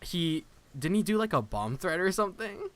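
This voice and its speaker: A man's voice: high-pitched, sing-song, moderate pace, a bit bright. A young man talking casually on a podcast, joking and laughing often. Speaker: podcast guest. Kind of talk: casual chat.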